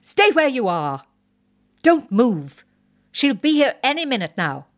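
Woman doing a blustering old ex-officer, plummy English accent, bellowing, slow hammering orders, pitched rather high. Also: big pitch swings. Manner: bellowing, emphatic, slow commands. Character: blustering retired military man, old, exasperated.

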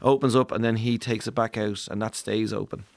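Animated Irish man telling a story. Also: lowish voice, vocal fry, no room sound. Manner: animated storyteller, acts out doctors' lines in quick put-on voices. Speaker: guest. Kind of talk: casual chat.

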